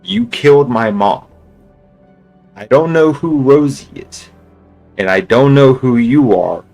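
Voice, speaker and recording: A man voicing a defiant young woman who coldly accuses someone, in a curt, flat delivery. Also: medium pitch, slow, faint music behind, pitched above the performer's own voice. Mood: accusing.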